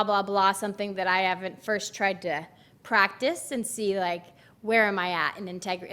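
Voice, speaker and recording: A woman's voice: mid-range voice, fairly bright tone. A woman minister giving a Sunday talk in a rambling, chatty, self-deprecating way, speaking into a microphone in a church. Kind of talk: sermon. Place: church sanctuary.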